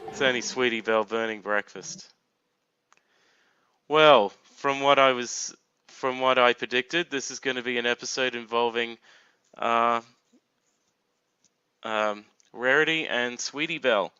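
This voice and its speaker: A man riffs through a blind reaction to a cartoon, casual and laughing often, with crude jokes. His voice is bright and smooth, and the dry, dull recording sounds lo-fi. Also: medium pitch, fairly even intonation, unhurried, pauses often, no echo. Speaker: reaction commentator.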